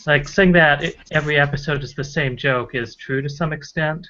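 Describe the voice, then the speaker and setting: A man on a podcast panel in a casual chat, hedging in a measured way and thinking aloud. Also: fairly high pitch, fairly even intonation, pushed and bright. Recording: dull lo-fi podcast audio.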